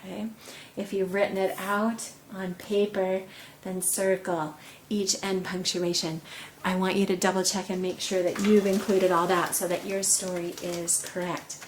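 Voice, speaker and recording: A woman teacher casually giving students assignment reminders, relaxed and with frequent fillers. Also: medium pitch, unhurried. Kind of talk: casual classroom instructions. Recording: echoey room with faint noise.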